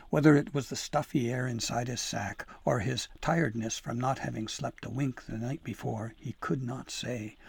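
A man narrating a children's storybook chapter in a measured, expressive reading. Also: medium pitch, gravelly, husky, no echo. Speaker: audiobook narrator.

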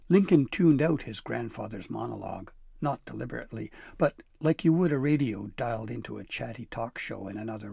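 A man narrating a children's storybook, shifting his reading to match the scene. His voice is gravelly and somewhat husky, recorded close in a dry space. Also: medium pitch, warm tone, no echo.

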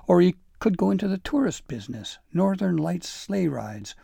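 Dreamy young elf, restless and earnest, gravelly warm tone, man doing the voice. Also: sits high, very animated, moderate pace, dry recording, pitched above the performer's own voice, full character voice. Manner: earnest, yearning.

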